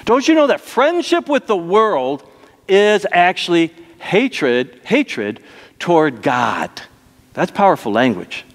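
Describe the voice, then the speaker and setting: A man's voice: sits high, very animated, slow pace. Preaching man in a reverberant church. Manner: emphatic preaching with dramatic acted quotes and repetitions. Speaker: pastor. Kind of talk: sermon. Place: church sanctuary. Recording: long church hall reverb.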